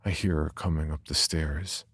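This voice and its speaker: A man narrating a first-person horror story in a subdued, brooding way, with a husky, gravelly voice. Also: rumbling low, steady tone, normal speed, fairly bright tone, no echo.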